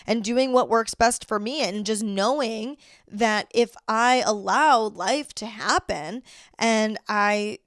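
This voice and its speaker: A woman's voice: medium pitch, dry recording, clean studio sound. Earnest young woman hosting a podcast. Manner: earnest and reflective, swears casually. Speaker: podcast host. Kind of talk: casual solo podcast talk.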